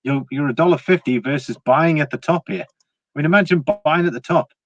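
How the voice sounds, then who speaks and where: A man's voice: a little high, a little fast, fairly bright tone, no echo, dull audio. A man hosting a casual livestream, chatting to viewers, laughing often and restarting his words. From Britain. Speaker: livestream host.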